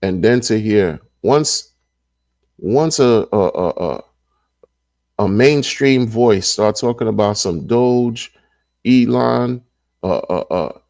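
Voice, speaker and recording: A man's voice: fairly low pitch, expressive, slow, pauses often, a little mellow, no echo, studio quality. A man hosting a casual livestream and reading the chat, talking in an emphatic, slangy way and repeating his points over and over. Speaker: crypto livestream host.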